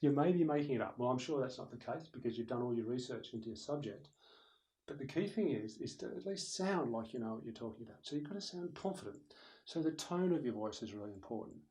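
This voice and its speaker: Speaking at a quick pace in a mid-range voice, a man gives a casual presentation-skills lesson filmed as a recorded lecture, and the audio quality is poor. He addresses the camera and someone nearby, with a camera operator present in the room. Lively and chatty, he acts out loud versus soft delivery.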